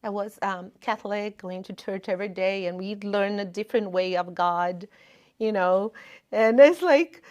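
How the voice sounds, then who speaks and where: A woman in her fifties giving an informal spiritual talk at a spiritist center, with personal stories and gentle humor. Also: mid-range voice, moderate pace. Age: 50s. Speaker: spiritist lecturer. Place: lecture room at a spiritist center.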